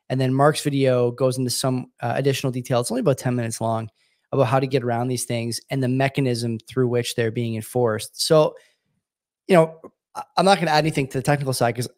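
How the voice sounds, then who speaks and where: A man's voice: medium pitch, gravelly, a little mellow. A man co-hosting a podcast, chatting casually about tech news with wry, joking asides. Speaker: podcast co-host.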